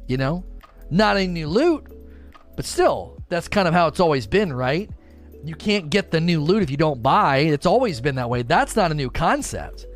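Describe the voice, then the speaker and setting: A man's voice: fairly high pitch, big pitch swings, normal speed, soft background music. Chatty man hosting a live stream. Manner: chatty, self-deprecating, reads chat aloud.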